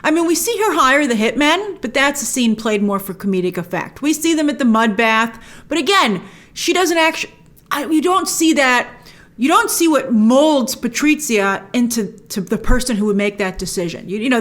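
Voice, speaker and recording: A woman hosting a spoiler movie review, opinionated and animated, acting out lines she quotes. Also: sits high, moderate pace.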